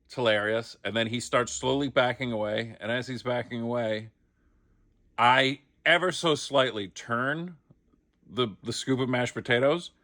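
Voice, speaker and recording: Man, middle-aged, casual storytelling, comic acted-out quotes, bright tone, dry mic. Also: mid-range voice, moderate pace, no room sound. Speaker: actor telling a behind-the-scenes story. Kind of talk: casual anecdote.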